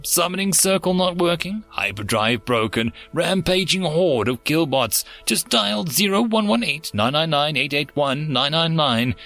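A man reading science-fiction short stories aloud with an expressive, animated delivery. His voice is bright and forward, and faint music sits under the reading. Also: fairly high pitch. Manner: expressive storytelling read. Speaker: story narrator. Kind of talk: scripted narration.

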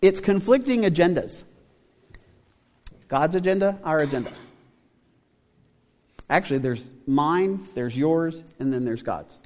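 A man's voice: on the high side, animated, a little slow, pauses often, a little mellow. A middle-aged male pastor preaching a conversational sermon, asking his congregation rhetorical questions. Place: church sanctuary. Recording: long reverb of a church hall.

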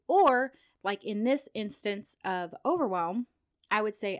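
A woman hosting a parenting podcast, talking alone in a calm, earnest way and laughing softly now and then. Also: mid-range voice, measured pace. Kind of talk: solo podcast talk.

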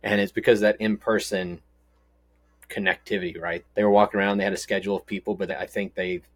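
Deep-voiced Texan man rambling on a podcast. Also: level tone, quick pace, no room sound. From Texas. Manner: rambling, storytelling, jokey. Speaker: podcast co-host. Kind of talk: casual podcast chat.

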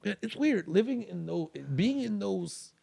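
A man's voice: high voice, expressive, unhurried, vocal fry, warm tone, slightly rough, no echo. A man telling a long story in casual chat, rambling with fillers and restarts.

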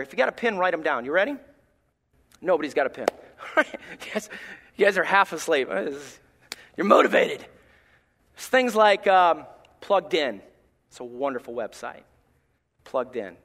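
High, bright-voiced preacher man with a twang. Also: long reverb tail. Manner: folksy, animated, joking with the congregation. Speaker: associate pastor. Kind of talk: sermon. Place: church sanctuary.

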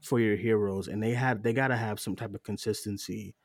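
This podcast co-host keeps things loose and rambling in a casual review, full of fillers and laughs. His fairly low voice is brisk with fairly even intonation, recorded dry at studio quality.

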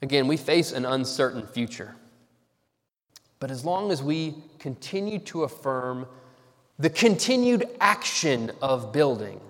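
A man with a slightly higher voice delivers a sermon at an unhurried pace, leaning hard on key words. His voice rings with the long reverb of a church sanctuary. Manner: slow, deliberate teaching with emphatic stresses. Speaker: preacher. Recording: long reverb of a large hall.

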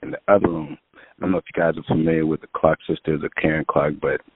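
A man's voice: a bass voice, quick pace, dry recording. A man, a music producer, telling a story in casual talk, acting out what people said, with lots of fillers. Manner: animated storyteller, acts out quotes, lots of fillers. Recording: tinny phone-like line.

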